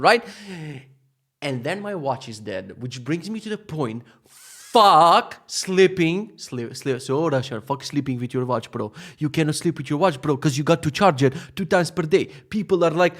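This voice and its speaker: Animated, swearing man podcasting solo. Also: mid-range voice, normal speed. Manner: animated, swearing, swings between loud rants and quiet asides. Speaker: podcast host. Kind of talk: casual solo podcast monologue.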